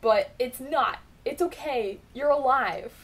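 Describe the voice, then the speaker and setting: A young adult woman co-hosting a podcast, telling animated, self-mocking stories in casual chat and often laughing through her lines. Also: high-pitched, slow pace. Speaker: podcast co-host.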